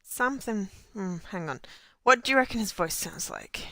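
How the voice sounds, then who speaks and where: A woman's voice: medium pitch, sing-song, normal speed, pushed and bright. A woman streaming a game, chatting in a casual, self-deprecating way. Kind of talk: live game stream commentary. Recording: game music behind voice.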